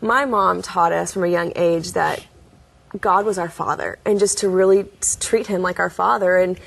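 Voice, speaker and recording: A woman's voice: lowish voice, fairly even intonation, moderate pace, creaky. Earnest woman telling her testimony. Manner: earnest storytelling with soft laughs. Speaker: interview guest. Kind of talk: testimony in a studio interview.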